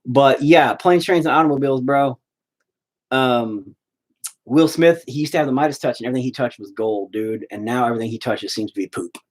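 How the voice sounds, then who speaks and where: A man's voice: mid-range voice, a little fast. A man hosting a live stream, chatting casually and rambling, with heavy swearing. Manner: profane, rambling.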